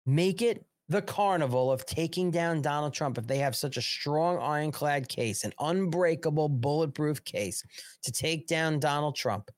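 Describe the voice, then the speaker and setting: A man's voice: fairly high pitch, normal speed, dry recording, clean studio sound. Sarcastic man ranting on a live show. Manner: heated, sarcastic, profane ranting. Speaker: host of a political live show. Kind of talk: political commentary livestream.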